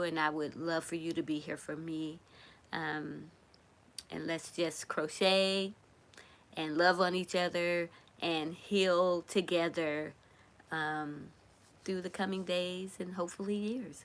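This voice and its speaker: Gentle, tearful woman live-streaming. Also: fairly low pitch. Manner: gentle, encouraging, emotional. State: tearful, runny nose. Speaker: crochet livestream host. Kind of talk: casual live-stream talk.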